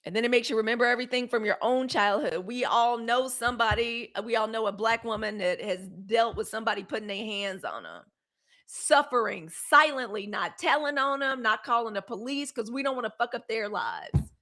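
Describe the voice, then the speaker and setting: A woman's voice: fairly high pitch, expressive, fairly quick, fairly bright tone. A woman hosting a live news commentary show, talking in a fiery, emphatic way with repeated phrases. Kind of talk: impassioned livestream commentary.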